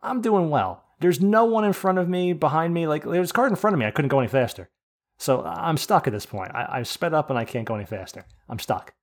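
Man from the US, podcast host, ranting, swearing, animated storytelling, casual chat. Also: fairly high pitch, brisk. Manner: animated, profane storytelling rant. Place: podcast studio.

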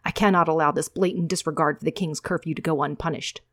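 A woman's voice: sits low, steady tone, fast talker, fairly bright tone, dry recording, studio quality. A woman voicing an arrogant, judgmental male soldier villain as she reads a storybook aloud. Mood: stern.

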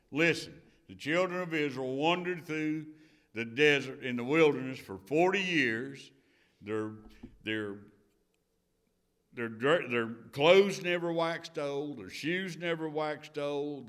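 A Sunday school teacher gives a Bible lesson like a sermon, earnest and repetitive, repeating phrases for emphasis and rising to firm declarations. He reads scripture in old King James wording, and his voice sits on the high side, fairly bright, clear and resonant.

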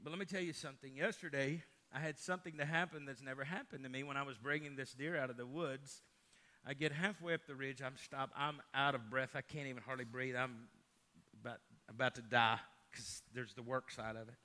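A middle-aged pastor, preaching a sermon, moving from loud emphatic lines to hushed storytelling. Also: male voice, mid-range voice, fairly even intonation, fairly quick.

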